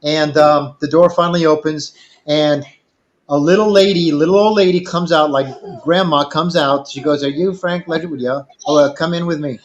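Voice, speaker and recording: A man's voice: a little high, steady tone, moderate pace, muffled recording, slight background noise. An older man casually telling a long, rambling personal story, acting out the other people in it. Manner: rambling anecdotal, quotes others in dialogue. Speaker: storyteller guest.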